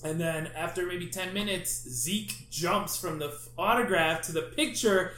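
A man's voice: high voice, unhurried, echoey room, slight background noise. A young man telling a story in casual chat as a podcast co-host, acting out the quotes with animation. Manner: animated, acts out quotes loudly.

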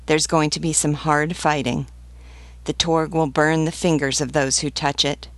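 A woman's voice: sits low, little pitch movement, normal speed, no room sound. A woman reading the part of a blunt, devoted army sergeant who speaks earnestly and protectively in an audiobook reading. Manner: earnest, pleading, fiercely protective.

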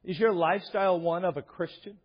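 In a church sanctuary with a dull, echoing sound, a male pastor preaches a sermon and puts earnest, direct questions to his congregation. His voice is high-pitched and husky, his intonation fairly even, and his pace a little fast.

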